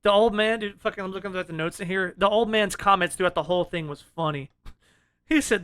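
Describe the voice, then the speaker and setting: A man's voice: high-pitched, animated, brisk, pushed and bright, clean tone. A man chatting casually about a film on a podcast, laid-back and profane, often laughing. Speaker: podcast co-host.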